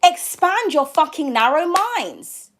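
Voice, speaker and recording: Speaking from home, a tarot reader delivers a casual rant to her live viewers, blunt, profane, and full of mocking rhetorical questions. Her voice is high and fairly bright, moving slowly with big swings in pitch.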